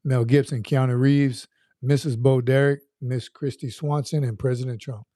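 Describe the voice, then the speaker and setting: A man's voice: mid-range voice, steady tone, normal speed, warm tone, no room sound, studio quality. A man hosting a casual livestream, greeting viewers by name in an upbeat, folksy, rambling way. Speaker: livestream host.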